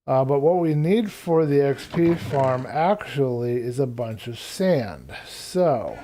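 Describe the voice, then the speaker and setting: Male streamer, mellow tone, casual live gameplay commentary, thinks out loud. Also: a little high, slight background noise. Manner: thinks aloud while planning; rambling, casual.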